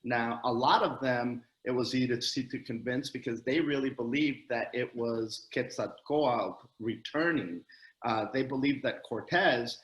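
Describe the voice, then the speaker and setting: A male guest comedian telling a story in a casual, profane, animated and digressive way. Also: medium pitch, a little slow, reverberant, highs cut off.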